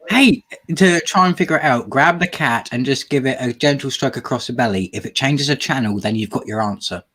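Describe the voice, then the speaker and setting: A man's voice: mid-range voice, big pitch swings, moderate pace, sharp tone. A man hosting a casual movie watch-along stream, teasing and playful, often laughing. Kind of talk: casual chat.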